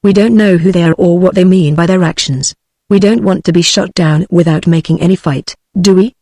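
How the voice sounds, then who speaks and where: A woman's voice: lowish voice, fairly quick, dark tone, no echo, studio quality. A synthetic female text-to-speech voice reading the lines of a blunt old male hunter. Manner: synthetic evenly read speech.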